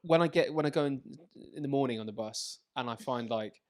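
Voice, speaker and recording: A young man, a guest comedian, telling casual stories on a podcast with lively delivery. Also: medium pitch, a little fast. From half Scottish, quarter Australian, quarter English. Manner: animated storyteller, loud put-on voices for quotes.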